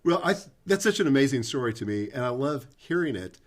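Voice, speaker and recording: A man's voice: medium pitch, big pitch swings, fairly quick. A middle-aged man hosting a podcast interview, answering with appreciation. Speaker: podcast host. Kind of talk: casual interview chat.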